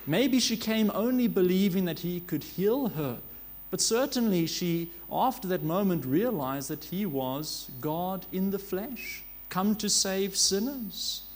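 High-voiced man preaching earnestly. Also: expressive, unhurried. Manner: earnest, with frequent self-corrections and rhetorical questions. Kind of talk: sermon.

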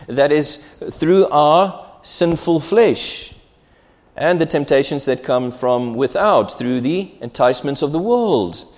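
A man's voice: a little high, a little mellow, long reverb tail. A man pastor preaching a sermon, emphatic and repeating key phrases for weight.

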